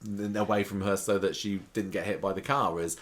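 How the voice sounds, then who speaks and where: Man, podcast co-host, low voice, casual chat, laughs a lot, acts out quotes. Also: steady tone, brisk. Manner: chatty, laughs often, acts out characters' lines. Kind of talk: casual chat recapping a soap.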